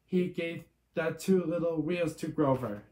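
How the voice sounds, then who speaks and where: A man reading a picture book aloud in a steady way, with small slips. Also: a little high, unhurried. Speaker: storybook reader. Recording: echoey room with guitar music.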